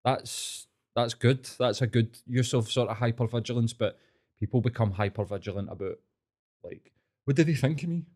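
A man's voice: mid-range voice, normal speed, darkish tone. A man, a guest on a podcast, explaining ideas thoughtfully in casual chat.

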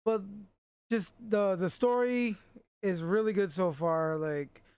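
A man's voice: sits high, expressive, slow, darkish tone, smooth, no room sound. A man co-hosting a casual podcast chat, laid-back and rambling, swearing freely. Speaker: podcast co-host reviewing a TV episode.

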